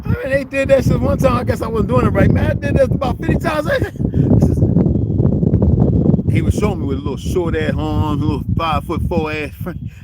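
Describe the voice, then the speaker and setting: A man's voice: high voice, a little fast. A man livestreaming outdoors, rambling casually to his chat, swearing a lot and laughing often. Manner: profane, animated, laughs often. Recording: loud outdoor background noise.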